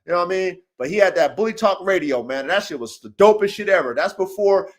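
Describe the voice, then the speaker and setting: High-pitched male podcast host, profane and preachy, repeats himself, rises to shouting. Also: lively intonation, fast. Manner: profane, emphatic, preachy, repeats phrases and ends lines with "man"; builds to shouting at emotional peaks. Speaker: dog breeder and podcast host. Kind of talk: casual podcast monologue.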